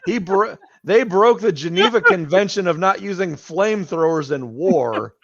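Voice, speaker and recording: A man co-hosts a casual podcast and makes deadpan puns. His pitch moves a lot as he talks. The audio is dry and slightly dull. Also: moderate pace, no echo. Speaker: podcast co-host.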